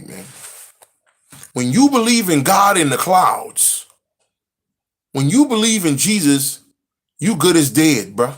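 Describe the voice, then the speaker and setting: A man's voice: a little high, big pitch swings, a little slow, pauses often. A man reading a spiritual text aloud and preaching on it, emphatic, repetitive and profane. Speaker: spiritual teacher.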